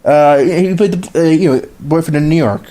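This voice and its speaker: A man with a somewhat high, warm voice speaks at normal speed as a podcast co-host. He chats casually about films, rambling along with many restarts and fillers.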